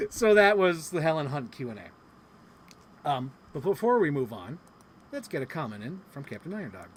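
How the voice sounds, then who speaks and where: Chatty man, slightly high voice. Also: moderate pace, a little hiss or hum. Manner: animated, rambling, swears often, heavy use of "like". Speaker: podcast host. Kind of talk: casual chat recapping a convention.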